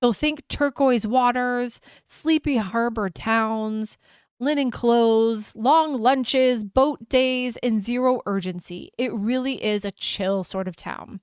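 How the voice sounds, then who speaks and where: A woman's voice: on the high side, slow, smooth, dry recording, studio quality. An American woman hosting a travel podcast, telling an enthusiastic, gushing story in a casual chat.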